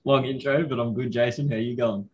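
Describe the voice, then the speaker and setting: A young Australian man, a university student, co-hosting a racing podcast in a relaxed, dryly joking way. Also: medium pitch, a little fast, dull audio. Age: young adult. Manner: relaxed, dry humour, hedging. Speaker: podcast co-host. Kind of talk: casual chat.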